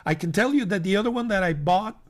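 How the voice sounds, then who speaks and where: A man's voice: sits high, expressive, fast talker. A man hosting a pen channel, walking viewers through new pens in a casual, rambling way with many fillers and restarts, calling them folks. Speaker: fountain pen channel host. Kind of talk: casual product roundup.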